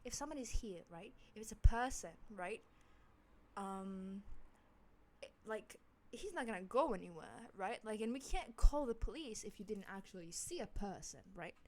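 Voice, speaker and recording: A woman quoting her calm, practical father as he reasons things through in a matter-of-fact way. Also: medium pitch, moderate pace, a little hiss or hum, lightly acted. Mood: reassuring.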